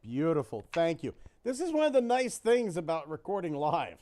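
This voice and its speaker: A man's voice: on the high side, very animated, moderate pace, mellow. Laughing, joking man on a live podcast. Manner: joking storyteller, laughs often. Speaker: podcast co-host. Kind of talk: casual live-stream chat.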